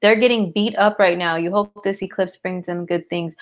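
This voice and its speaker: A tired woman hosts a casual live astrology chat, responding to viewer comments in slangy, chatty language. Her mid-range voice moves briskly, with hardly a pause.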